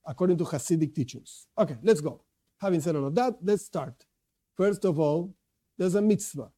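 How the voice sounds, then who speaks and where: High, bright-voiced man teaching a religious class. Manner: conversational, restarts often, asks and answers his own questions. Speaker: Jewish teacher. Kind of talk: informal Torah class.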